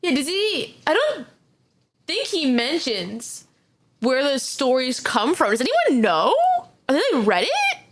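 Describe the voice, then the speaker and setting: A young woman streaming live, chatting casually as she reacts to videos, excitable, laughing often and swearing freely. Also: high voice, measured pace. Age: young adult.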